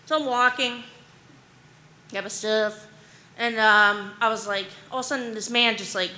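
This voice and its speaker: Bright-voiced woman comic rambling through a story. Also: a little high, moderate pace, slight background noise. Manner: rambling, animated, heavy use of fillers like "like" and "um"; self-deprecating, anxious humor. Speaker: stand-up comedian. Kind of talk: stand-up storytelling.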